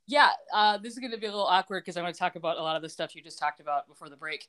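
A podcast co-host with a rather low yet fairly bright voice recaps a TV episode in rapid-fire, casual chatter. She's giggly and often laughs mid-sentence.

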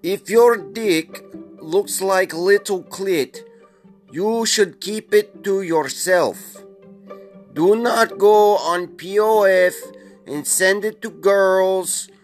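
A man doing a brash, crude Russian man with a fake Russian accent, barking a comic public service announcement in broken English. His voice sits a bit high and he takes it slow and heavy. Faint music runs underneath. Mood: blunt, scolding. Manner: loud, blunt, broken English.

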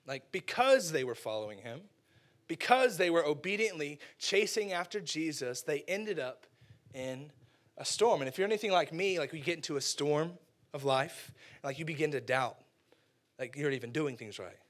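A man preaching a lively, casual sermon, acting out characters and using slang. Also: fairly high pitch, normal speed.

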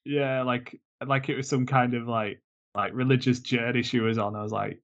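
A man's voice: mid-range voice, flat delivery, normal speed, fairly bright tone, lo-fi sound. A man co-hosting a podcast, chatting casually and joking, with lots of fillers. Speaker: podcast co-host. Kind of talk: casual chat.

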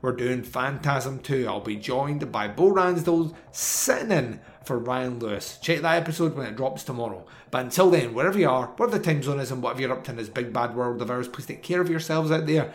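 Chatty podcast host reading plugs. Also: male voice, medium pitch, animated. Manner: chatty, reads plugs and specs in a quick run. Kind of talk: podcast outro and announcements.

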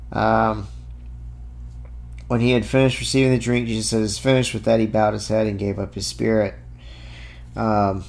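A man giving an informal apologetics talk. He reads scripture passages aloud and breaks off with casual asides and fillers. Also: on the low side. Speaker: Christian apologist.

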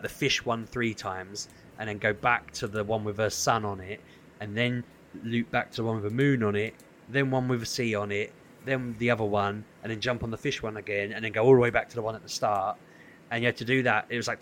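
A man's voice: lowish voice, slight background noise. A man, co-hosting a podcast and telling a long story with lots of acted-out quotes. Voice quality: animated, acts out quoted voices. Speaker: podcast co-host. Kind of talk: casual storytelling.

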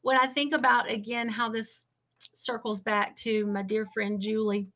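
A woman's voice: on the high side, level tone, a little slow, bright, forceful tone. A woman being interviewed, telling her story in an earnest, emotional way and fighting back tears. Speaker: ministry founder and guest.

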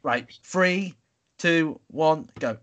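A man's voice: on the high side, drawn-out words, fairly bright tone. A young man hosting a casual podcast chat, running a quiz game in an upbeat, announcing way. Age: young adult. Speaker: podcast host.

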